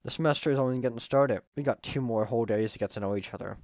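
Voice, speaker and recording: A man's voice: medium pitch, fast talker, darkish tone, dry recording. Man reading a visual novel on a live stream, playful and jokey, close dry lo-fi mic. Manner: playful, joking asides.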